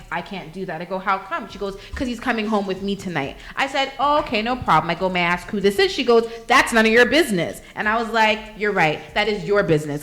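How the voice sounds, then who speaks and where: A woman talks fast in a bright, forceful voice. She is hosting a casual group chat and tells a story, acting out every quote with lively energy. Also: medium pitch. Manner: animated storytelling, acts out quotes. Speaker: radio show host.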